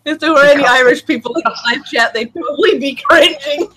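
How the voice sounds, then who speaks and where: Very high-voiced male stream host. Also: brisk, sharp tone. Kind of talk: casual chat.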